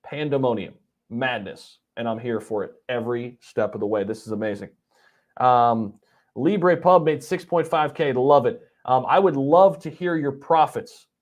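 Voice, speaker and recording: A man hosting a live stream, excitedly reacting to charts and reading out viewer comments, with lots of ums and repeats. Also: mid-range voice, normal speed. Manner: hyped, repeats himself, frequent ums and laughs. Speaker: crypto livestream host.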